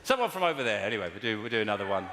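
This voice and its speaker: A man doing stand-up comedy, telling rambling, deadpan stories and bantering with the crowd in a live venue. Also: on the low side, rapid-fire. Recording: echoey live venue, loud audience.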